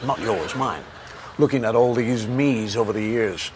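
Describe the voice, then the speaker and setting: A man's voice: medium pitch, measured pace, background noise. A man talking to camera in a wry, self-mocking way. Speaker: comedian. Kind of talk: reflective talk to camera.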